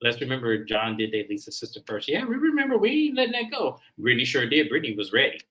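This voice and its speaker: A woman hosting a casual reality TV recap podcast, retelling scenes in an animated, slangy way. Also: rumbling low, fast, poor audio. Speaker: podcast host.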